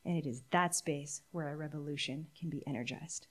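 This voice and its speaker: A middle-aged woman preaching a sermon, earnest and candid, reflective, with halting restarts. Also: deep voice. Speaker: pastor.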